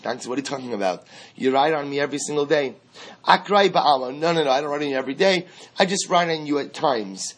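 Man, Talmud teacher, husky voice, mid pitch, reads and translates line by line, loose chatty asides. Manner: repeats filler phrases, restarts often. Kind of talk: recorded Talmud class.

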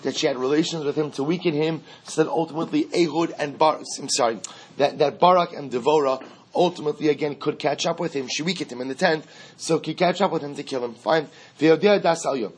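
Husky man teaching Talmud. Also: fairly high pitch, fast. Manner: reads Aramaic and translates line by line, conversational asides; repeats filler phrases, restarts often. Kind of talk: recorded Talmud class.

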